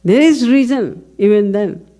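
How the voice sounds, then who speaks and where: A woman giving a devotional lecture at a measured pace, telling stories and asking questions she then answers herself. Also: mid-range voice, expressive, mellow. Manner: measured storytelling, poses and answers own questions. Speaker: spiritual lecturer.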